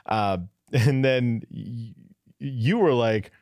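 A man's voice: medium pitch, drawn-out words, darkish tone, no room sound. A man hosting a casual podcast, telling a story in a wry way with occasional stammers. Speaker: podcast host.

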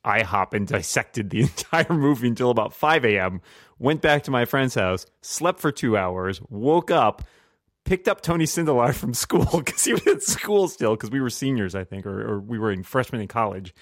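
A man's voice: medium pitch, expressive, moderate pace, a bit bright, dry recording, clean studio sound. A man in his thirties chatting on a podcast panel, wry, with chuckling asides. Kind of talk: casual chat.

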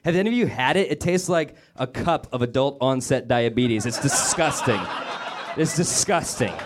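Man, stand-up comedian, from Denver, sarcastic, live club recording, loud crowd behind. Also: mid-range voice, expressive, noisy background. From Denver, Colorado. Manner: sarcastic, with quick put-on voices. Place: comedy club stage with a laughing audience.

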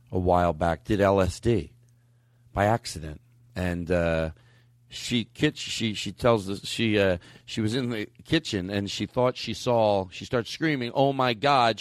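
A man's voice: on the low side, no room sound. A man hosting a comedy podcast, rambling playfully through an improvised absurd story. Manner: playful, rambling, breaks into laughter. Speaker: podcast host.

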